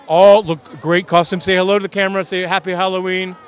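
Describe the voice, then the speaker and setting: A man's voice: high-pitched, flat delivery, a little fast, smooth, a faint crowd. A man interviewing costumed children at an outdoor Halloween parade, cheerful and coaxing, joking as a mock vampire count. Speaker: community TV street interviewer.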